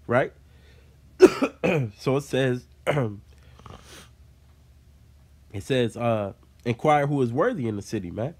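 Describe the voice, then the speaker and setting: A Bible teacher leads an informal study, reading scripture aloud and then explaining it in casual talk peppered with fillers like "man." His voice is medium-pitched with a darkish tone, and he speaks slowly, leaving long pauses.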